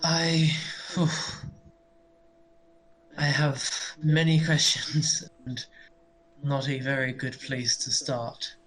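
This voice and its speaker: A man in a casual tabletop session speaks in an everyday mid-pitched voice. He hesitates often, filling gaps with ums as he decides what his character does. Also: level tone, very slow, pauses often, fairly bright tone, poor audio. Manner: hesitant, with fillers. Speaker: player. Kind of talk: casual game talk.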